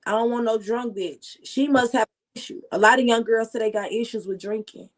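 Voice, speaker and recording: A woman guest in a casual talk show chat, telling stories in an animated, slangy way. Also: on the high side, brisk. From Chicago area. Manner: chatty, animated storytelling with slang.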